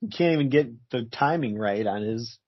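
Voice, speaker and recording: A man with a mid-range voice chats on a comics podcast, relaxed and quick with a joke or a chuckle. The recording is dry, close and slightly dull. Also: medium pitch, no echo. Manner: laid-back, chuckling, quick jokey asides. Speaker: podcast co-host. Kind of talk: casual comic book review chat.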